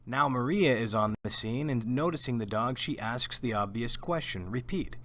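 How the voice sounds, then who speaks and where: Slow, patient male Spanish teacher. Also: medium pitch, lively intonation, fairly bright tone. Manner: patient drilling, repeats words for learners. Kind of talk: slow scripted language lesson.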